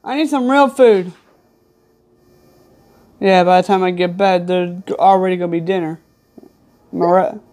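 A woman's voice: lowish voice, normal speed, long pauses, darkish tone. A woman giving casual gameplay commentary, reading game text aloud with chatty, offhand asides. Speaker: gamer.

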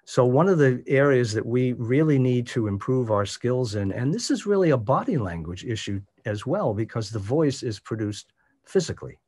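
A man leading an online workshop as a voice coach, speaking in a measured, demonstrative way and varying his pitch for emphasis. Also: expressive, darkish tone, breathy edge. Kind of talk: instructional presentation. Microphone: video call.

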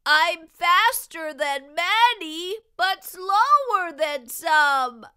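A woman voicing a small, cheerful young male sloth in a children's storybook read-aloud, speaking slowly and sweetly like a child. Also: very high voice, very animated, sharp tone, voice pushed up, exaggerated voice. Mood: glum.

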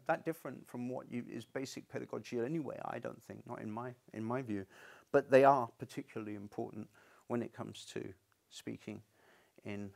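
A man's voice: medium pitch, a little fast, gravelly, a little mellow. A man giving a university lecture in a conversational, unscripted way, often restarting his sentences. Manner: conversational, stubborn-toned, frequent restarts.

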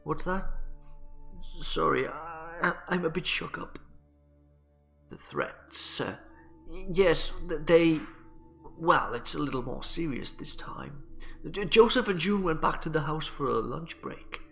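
A man voicing a shaken small-town pastor in a game, stammering and speaking softly. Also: on the high side, expressive, slow pace, vocal fry, long pauses, soft background music, pitched above the performer's own voice, exaggerated voice.

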